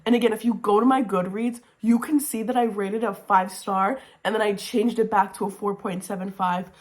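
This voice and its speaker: A young woman gushes about books straight into her camera at home, excitable and prone to saying everything twice. She swears casually and talks in a chatty vlog style. Her voice sits at an ordinary middle pitch. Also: moderate pace. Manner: gushing, excitable, swears casually, repeats herself. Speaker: book vlogger. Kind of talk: casual reading wrap-up vlog. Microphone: camera mic, talking to camera.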